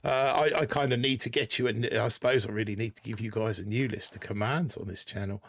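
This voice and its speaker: A man's voice: fairly low pitch, fairly even intonation, a little fast, a bit bright, no room sound, clean studio sound. Man in a dodgy put-on Aussie accent. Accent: put-on Australian accent. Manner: rambling, reads chat names aloud, jokey. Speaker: livestream host. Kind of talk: casual live-stream chat.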